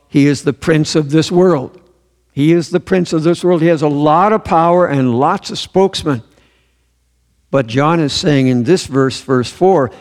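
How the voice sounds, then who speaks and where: A man's voice: mid-range voice, a little mellow. A man preaching a sermon in a church, earnest and emphatic, repeating his key phrases. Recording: long hall reverb.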